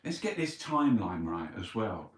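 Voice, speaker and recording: A man reads and mocks the day's papers in a blunt, sweary rant, his voice sitting low. The sound is roomy and picked up from some distance away from the mic. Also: sing-song, normal speed. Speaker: online show host. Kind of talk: casual newspaper review rant.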